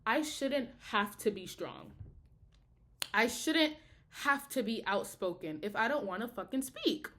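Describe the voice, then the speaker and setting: A woman's voice: a little high, expressive, unhurried, bright, forceful tone. A young woman, a college student, talking heatedly and profanely in a casual video diary. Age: young adult. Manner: heated, profane, emphatic ranting.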